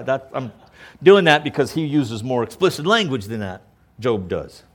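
A man's voice: mid-range voice, very animated, normal speed. A male pastor preaching a sermon in an emphatic, conversational way. He often stops to check in with the listeners.

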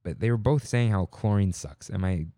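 A man's voice: on the low side, moderate pace, no echo, studio quality. A young man co-hosting a podcast, chatting casually and rambling through stories with quoted voices. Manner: rambling storyteller, animated quoting. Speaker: podcast co-host. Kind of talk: casual chat.

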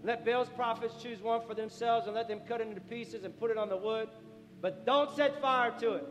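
High-voiced preaching man in echoey church. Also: brisk. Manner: animated preaching, acting out the people he quotes. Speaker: pastor. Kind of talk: sermon. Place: church sanctuary. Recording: echoey hall with music.

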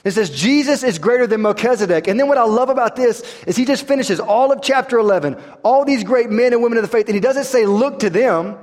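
Pastor guy preaching, fairly high voice, long echo in the hall. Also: quick pace, few pauses. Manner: preaching, shifts from quiet intensity to rising emphasis. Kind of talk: sermon.

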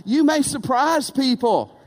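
Animated preacher in an echoing church. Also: male voice, very high-pitched, slow pace. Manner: animated, rhetorical, calls for amen. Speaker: pastor. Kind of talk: sermon. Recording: long reverb of a church hall.

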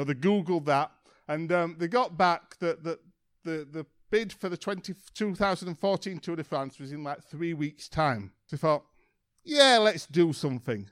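A man speaks to his church in a slightly higher-than-usual voice. He tells a story in a relaxed, chatty way, full of ums and kind-ofs. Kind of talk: informal church talk.

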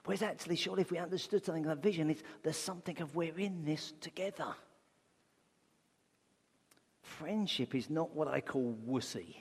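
A man's voice: a little high, fairly quick, pauses often, breathy edge. A man preaching a sermon as pastor, conversational, asking rhetorical questions. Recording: long hall reverb.

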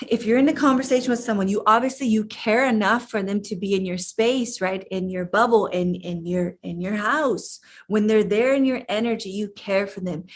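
A woman life coach giving a motivational talk, emphatic and repetitive, rallying her listeners. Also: a little high.

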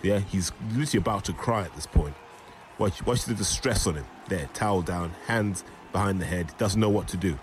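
A man's voice: sits low, a little fast, slight background noise. A man giving blunt, scornful commentary over boxing footage. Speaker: boxing analyst.

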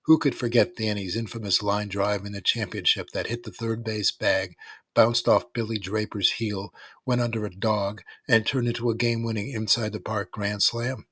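A man with a low voice reads a first-person story aloud, wry and dry in how he tells it. The sound is close and dead, with no room around it. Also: steady tone, moderate pace, a bit bright, dry recording. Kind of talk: scripted first-person narration.

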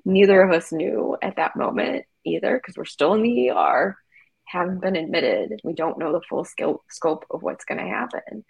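A woman's voice: on the low side, animated, moderate pace, vocal fry, slightly rough, no echo, poor audio. A woman guest in an interview, telling her story candidly and with emotion, often using fillers.

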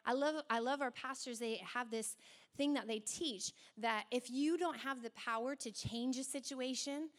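A young adult woman preaching a sermon in an animated way, acting out quoted voices as she goes. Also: high-pitched, moderate pace.

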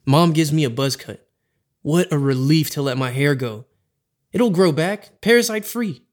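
Male storyteller, somewhat high voice, deadpan dramatic delivery, scripted comedy, faint music behind. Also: normal speed. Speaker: podcast host and storyteller. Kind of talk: scripted comic narration.

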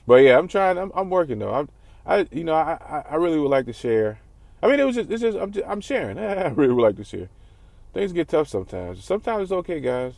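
A man's voice: on the high side, big pitch swings, fairly quick, creaky, no echo. A man vlogging candidly about his feelings, rambling, swearing, and often restarting his sentences. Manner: rambling, profane, restarts a lot. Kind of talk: candid personal vlog.

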